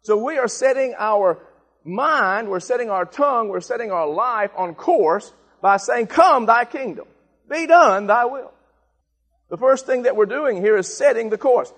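A male pastor delivering a sermon, emphatic and repetitive, swelling into shouted calls for the congregation to repeat after him. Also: high voice, moderate pace. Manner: emphatic, rising to shouted call-and-response. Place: church sanctuary. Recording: long reverb of a church hall.

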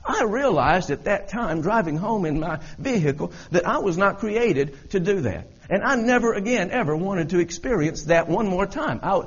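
Man, husky and animated, earnest testimony, muffled lo-fi sound. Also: sits high, moderate pace, few pauses. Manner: earnest, repetitive storytelling. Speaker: speaker giving a testimony. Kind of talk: personal testimony storytelling. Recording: dull lo-fi recording.

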